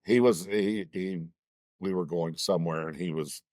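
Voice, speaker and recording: Sex: man. Role: co-host. Pitch: very low. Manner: halting, chatty. Sound: dry. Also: a little mellow, dry recording. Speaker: show co-host. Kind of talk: casual interview chat.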